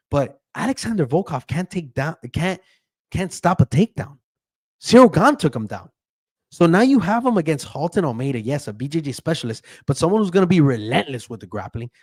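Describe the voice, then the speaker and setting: A man's voice: fairly high pitch, a little mellow, no room sound, clean studio sound. A man who handicaps bets, giving a casual, profane fight breakdown and keeps checking in with "right?". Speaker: MMA betting handicapper.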